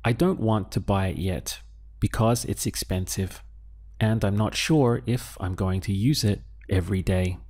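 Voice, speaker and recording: A man teaching a language lesson, calmly prompting the listener and pausing for their answers. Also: on the low side. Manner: slow, patient prompting with pauses for answers. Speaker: Spanish teacher.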